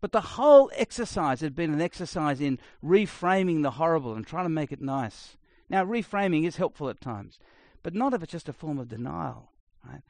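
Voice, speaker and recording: A middle-aged man preaching a sermon, blunt and conversational, swinging between loud emphasis and quiet asides. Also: a little high, animated, normal speed, creaky, few pauses, no room sound. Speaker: pastor.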